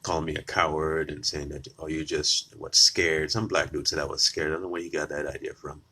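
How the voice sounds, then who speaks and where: A political commentator with a husky bass voice delivers a combative opinion monologue directly to his viewers, repeating lines for emphasis. He speaks fairly quickly in a level tone that sounds pushed and bright.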